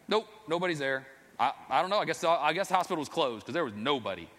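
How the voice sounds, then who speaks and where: Guy rattling off a personal story quick, earnest and rambly, big echoey hall. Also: fairly high pitch, lively intonation, fairly bright tone. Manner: earnest, rambling, self-deprecating. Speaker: father telling his faith testimony. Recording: long reverb, echoey hall.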